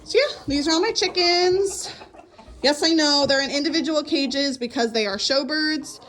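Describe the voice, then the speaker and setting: Young woman, farm-tour vlogger, slightly high voice, chatty and upbeat, a bit breathless on a phone mic with faint outdoor noise. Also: normal speed, fairly bright tone. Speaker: farm owner giving a tour. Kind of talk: casual walking tour vlog.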